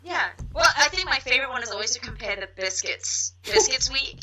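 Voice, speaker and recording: A woman's voice: high-pitched, sing-song, fairly quick, pushed and bright, poor audio. A woman from South Africa chatting as a guest on a show, gushing with enthusiasm about things she loves. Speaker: podcast guest. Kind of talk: casual chat.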